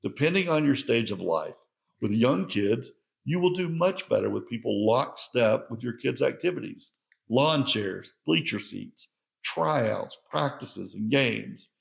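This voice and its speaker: A man's voice: mid-range voice, creaky. A middle-aged man hosting a podcast, talking in an earnest, heartfelt monologue. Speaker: podcast host.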